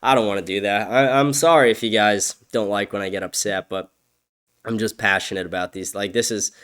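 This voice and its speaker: A young man hosting a solo podcast, ranting angrily and profanely, his voice swinging from raised outbursts to low muttering. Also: steady tone, fairly quick, fairly bright tone, smooth. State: agitated. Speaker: podcast host. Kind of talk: solo opinion rant.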